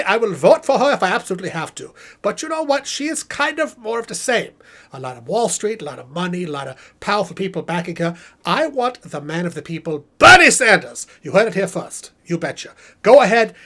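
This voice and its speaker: Guy doing a theatrical puppet professor, swoopy lively voice, rambles on a live stream. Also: sits high, full character voice. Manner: animated, theatrical, rambling asides. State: out of breath, exhausted. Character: chatty male puppet professor, theatrical and self-important. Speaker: puppet host.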